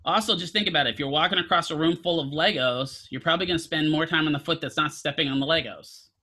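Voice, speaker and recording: A man's voice: on the high side, quick pace, bright, forceful tone. A man teaching a physical therapy class, lecturing casually, quizzing students and throwing in jokes. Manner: asks students questions, casual joking asides.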